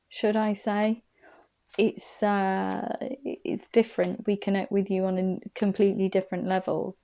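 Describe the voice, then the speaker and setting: A woman giving a casual, rambling tarot reading to camera, chatty and quick to laugh. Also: mid-range voice, warm tone. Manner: rambling and chatty, laughs often, self-correcting. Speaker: intuitive tarot reader.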